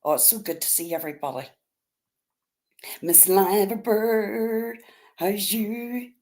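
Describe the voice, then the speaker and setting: A woman's voice: mid-range voice, slow, warm tone. A woman with a Northern Irish accent hosting a casual livestream, chatting and greeting her viewers one by one. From Northern Ireland. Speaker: livestream host.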